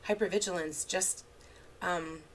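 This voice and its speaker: A woman's voice: on the low side, fairly even intonation, unhurried, slight background noise. A woman therapist giving an unscripted online training in a casual way, full of fillers and restarts, with examples from her own parenting. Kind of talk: unscripted lecture.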